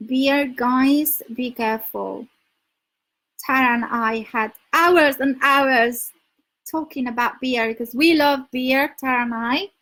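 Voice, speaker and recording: A woman's voice: sits high, slow, a bit bright, rough recording. A woman from Spain with a Spanish accent, chatting casually on a live stream, giving dating advice, laughing often and reading out viewer comments. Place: her home in London.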